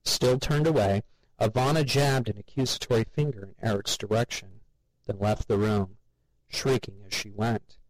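Low-voiced man narrating a story. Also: steady tone, normal speed, dry recording, rough recording. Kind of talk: audiobook narration.

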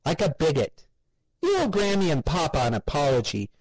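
A man voicing a cheerful, doting middle-aged mother who is oblivious to the horror around her, in a high sing-song voice. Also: very animated, normal speed, no echo, rough recording. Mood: scolding.

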